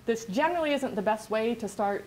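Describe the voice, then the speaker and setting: A woman's voice: fairly high pitch, lively intonation, a little fast, heavy background noise. A woman business coach giving a workshop talk in a chatty, rambling way, full of restarts and quoted asides. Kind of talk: workshop presentation. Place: classroom.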